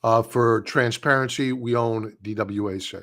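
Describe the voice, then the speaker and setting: A man's voice: medium pitch, steady tone, a little slow, fairly bright tone. A man hosting a live stock-trading stream, talking casually and bluntly, scoffing at headlines and repeating his points for emphasis. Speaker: livestream stock trading host. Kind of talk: casual live market commentary.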